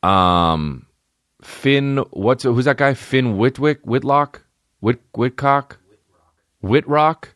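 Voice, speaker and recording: A man in his thirties hosting a podcast from home, rambling in a casual, profane, animated way with lots of restarts. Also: mid-range voice, extremely slow, no room sound, studio quality. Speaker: podcast host. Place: at home, dogs nearby. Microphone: podcast microphone.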